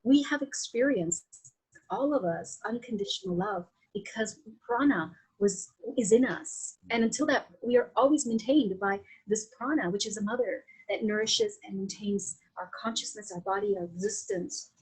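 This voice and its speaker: Latina woman with a husky, high voice. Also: moderate pace, darkish tone, low-quality recording. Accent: Latin American Spanish. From Latin America. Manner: flowing, reflective, with frequent restarts and fillers. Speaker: guest, Vedic astrologer. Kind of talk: conversational podcast interview.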